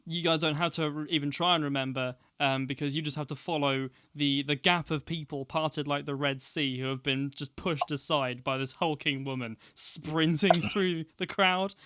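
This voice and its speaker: A man's voice: a little high, sharp tone, clear, resonant tone, no room sound. A man narrating as game master, rambling with many fillers and restarts.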